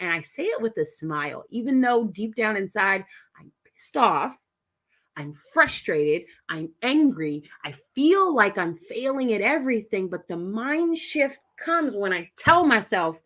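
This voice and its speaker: A woman guest giving an energetic, emphatic motivational pep talk. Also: mid-range voice, moderate pace. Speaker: guest coach.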